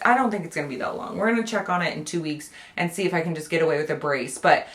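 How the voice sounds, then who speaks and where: A young woman with a drawl talks straight to her viewers in a chatty, heartfelt update. Her voice sits a little low. The room around her is echoey. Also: lively intonation, quick pace, hardly any pauses, fairly bright tone. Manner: chatty, emotional, tearful at times. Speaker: vlogger. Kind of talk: casual personal update to viewers.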